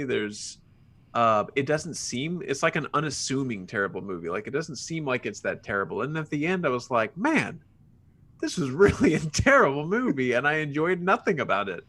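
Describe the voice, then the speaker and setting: Laughing, lively-voiced man podcaster. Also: mid-range voice. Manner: laughs often, halting and wry. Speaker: podcast co-host. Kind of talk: casual chat.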